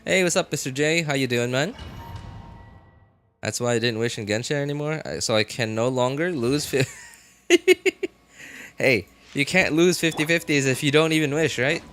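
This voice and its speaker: A man's voice: mid-range voice, very animated, moderate pace, long pauses, fairly bright tone. A man live-streaming a game, chatting casually with his viewers, often laughing and talking straight to chat. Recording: faint music behind.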